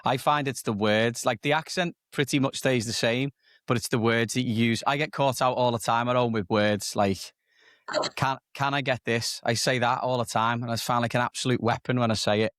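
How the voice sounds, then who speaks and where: A man's voice: medium pitch, steady tone, brisk, a bit bright, dry recording, clean studio sound. A man from England hosting a podcast, asking curious questions in casual chat. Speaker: podcast host.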